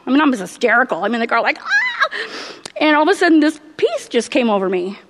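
A middle-aged woman giving a personal faith testimony, earnest and halting, laughing often as she tells it. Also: on the high side, very animated, big-room sound, noisy background. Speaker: church member giving testimony.

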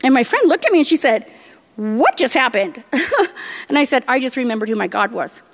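A middle-aged woman giving a personal faith testimony, earnest and halting, laughing often as she tells it. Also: a little high, very animated, in a large hall. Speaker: church member giving testimony.

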